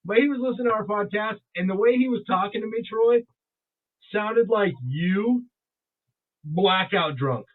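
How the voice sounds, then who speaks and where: Loud, profane man on tinny audio. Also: high voice, moderate pace. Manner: loud, profane, laughing, slips into mock accents. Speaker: podcast co-host. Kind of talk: casual drunk podcast banter. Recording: tinny phone-like sound.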